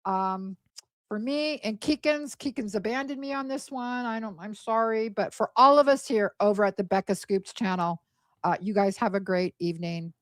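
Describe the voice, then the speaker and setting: A woman's voice: mid-range voice, moderate pace, no room sound. A woman livestreamer chatting casually with her viewers, in a rambling way.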